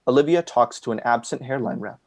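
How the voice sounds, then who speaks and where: Role: stage directions reader. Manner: plain, neutral. Pitch: middle. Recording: video call. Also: a little fast.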